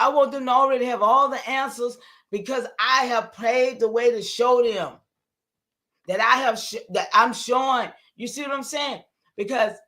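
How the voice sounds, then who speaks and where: This older woman hosts a livestream with a high voice and a sharp edge. She rambles casually but emphatically, answering her viewers' comments as they come in.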